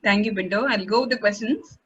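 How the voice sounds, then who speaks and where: A woman moderating an online session, reading out audience questions in a hesitant, soft-spoken way. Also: mid-range voice, fairly quick, lo-fi sound, slight background noise.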